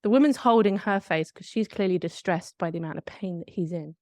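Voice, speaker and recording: A woman talks in a candid, reflective way as she co-hosts a podcast. Her voice sits a little low, and the recording is close and dry. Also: a little fast, a little mellow, no room sound. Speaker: podcast co-host. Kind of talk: casual chat.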